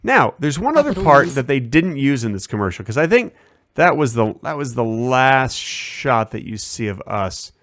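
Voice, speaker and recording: A man's voice: mid-range voice, sing-song, normal speed, a bit bright, no room sound, studio quality. A man hosting a casual stream, chatting about a shoot in a rambling storytelling way and acting out the lines he quotes. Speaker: streaming host. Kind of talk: casual behind-the-scenes storytelling.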